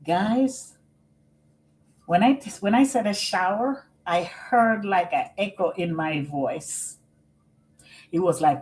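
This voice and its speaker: A middle-aged woman live-streaming on her computer at home, talking slowly and earnestly about caring for her father and often repeating herself. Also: fairly low pitch, darkish tone, slight background noise, poor audio. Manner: slow and earnest, repeats phrases. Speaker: vlogger and family caregiver. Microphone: computer microphone.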